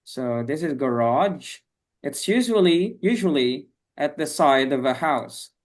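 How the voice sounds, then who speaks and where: Over a video call, a teacher with a medium-pitched voice leads an online English class in an animated way. Patient and encouraging, the teacher praises students quickly as they answer, repeating "okay, very good."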